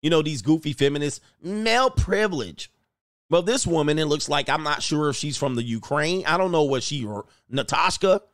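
A man's voice: a little high, brisk, hardly any pauses, a bit bright, dry recording, studio quality. A man commentating on videos in a mocking, casual way, chuckling as he goes. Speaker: YouTube commentator.

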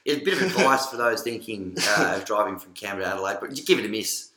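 A man's voice: lowish voice, lively intonation, fast, sharp tone, echoey room. A young Australian man hosting a casual podcast, joking in a mock-serious sports-presenter patter. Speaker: podcast host.

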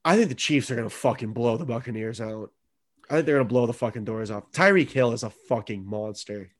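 A man in casual podcast banter, mid-pitched and easygoing. He jokes sarcastically and swears freely while he talks sports with a friend. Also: brisk. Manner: profane, sarcastic joking. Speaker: podcast co-host.

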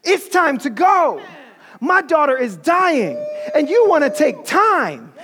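A man voicing a desperate father who urges a healer to hurry, shouting and exasperated. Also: extremely high pitch, huge pitch swings, takes it slowly, voice pushed up, heavily acted. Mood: frantic. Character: frantic father, grown man, urgent. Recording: long hall reverb.

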